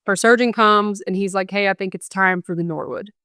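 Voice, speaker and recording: A woman's voice: mid-range voice, fairly even intonation, fairly quick, pushed and bright, clean tone, no echo, clean studio sound. A young adult woman, a guest on a podcast interview, earnestly recounting events and quoting what people said. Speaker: guest, bereaved mother.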